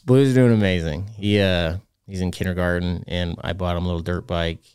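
A young man speaks as a podcast guest, his voice low and clean, recorded close with no room sound. He tells his story candidly, in halting phrases, and slips into the voices of people he once talked to. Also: steady tone, darkish tone, clear, resonant tone, no echo. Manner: halting, candid, reenacts past dialogue.

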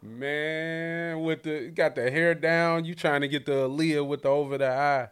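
A man's voice: fairly high pitch, fairly even intonation, fairly bright tone, clean tone. Teasing male podcast host. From Detroit. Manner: playful, teasing, quick to laugh. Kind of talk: casual interview chat.

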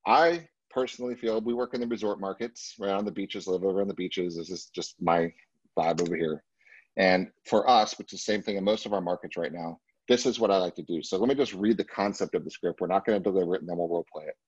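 A man with a low, husky voice runs a live sales training session, emphatic and conversational. He keeps checking in with his listeners as he explains each point. The sound is dry and a little muffled. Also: fast talker, a little mellow, dry recording. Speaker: real estate sales trainer.

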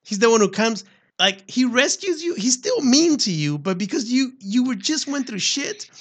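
A man casually telling a lively, profane story with frequent laughter. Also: very high-pitched, normal speed. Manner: animated, swearing, laughs while telling stories. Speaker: former Marine recruit.

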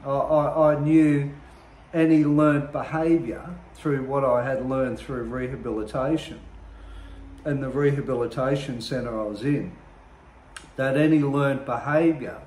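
A man earnestly sharing his own recovery story, reflective and often pausing to search for words. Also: medium pitch, darkish tone, a little hiss or hum. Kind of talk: personal testimony monologue. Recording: roomy echo.

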